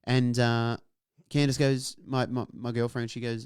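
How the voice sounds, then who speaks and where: Aussie guy spinning a yarn, swears a lot, smooth voice, dry sound. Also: medium pitch, a little slow, dry recording. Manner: animated, swears freely. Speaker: podcast host. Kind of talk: casual storytelling.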